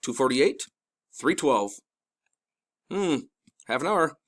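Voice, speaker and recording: A middle-aged man giving casual commentary over a video, urgent and pleading, rambling with many restarts and excited bursts. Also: on the high side, takes it slowly. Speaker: video host.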